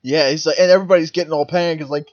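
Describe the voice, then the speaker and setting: A man co-hosting a casual manga chat who jumps into loud mock character voices. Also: on the high side, steady tone, rapid-fire, muffled recording. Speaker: podcast co-host.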